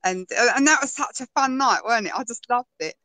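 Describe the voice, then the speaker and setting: A woman tells stories in a relaxed chat, her voice bright and forward. She laughs easily and often. The sound is close and dry, with no room around it. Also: on the high side, fairly quick, no room sound, poor audio. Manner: chatty storyteller, laughs often. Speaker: guest. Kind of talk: casual conversation.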